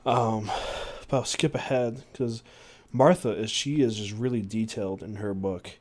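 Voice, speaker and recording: A man's voice: on the low side, fairly even intonation, normal speed, a little mellow. A man hosting a podcast who reads long passages from a book aloud and chats loosely between them, with many fillers. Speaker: podcast host.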